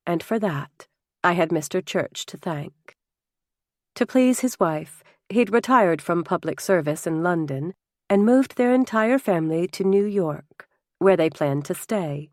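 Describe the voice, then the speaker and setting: A woman narrating a novel in first person, measured and heartfelt, close to the mic. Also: lowish voice, darkish tone, no echo. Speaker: audiobook narrator. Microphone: close studio mic.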